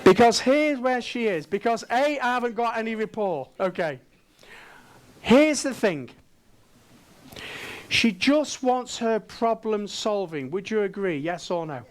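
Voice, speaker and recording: Speaking a little slowly with lively intonation, the English conference speaker has a high voice. During his interactive keynote he playfully draws the audience in with questions.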